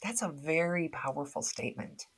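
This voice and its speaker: Middle-aged woman guest, breathy and bright, animated delivery with frequent laughs. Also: low voice, normal speed. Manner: laughs often, animated quoted voices. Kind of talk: casual podcast conversation.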